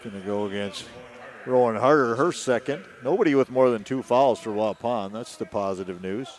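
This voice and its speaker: A man's voice: medium pitch, moderate pace. A man who was once a coach, giving color commentary on a basketball game, rambling with restarts. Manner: rambling with many restarts and stumbles.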